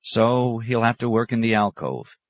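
An eager monk inventor pushing his practical plans, as a male narrator puts him on. His voice sits a little higher than the reader's own, lively and persuasive, with a dry close sound. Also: moderate pace, dry recording, lo-fi sound, close to an everyday voice.

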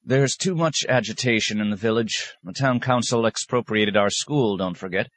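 A man voicing a stern, weary male abbot who speaks with measured, firm authority. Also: lowish voice, a bit bright, no room sound, pitched above the performer's own voice.

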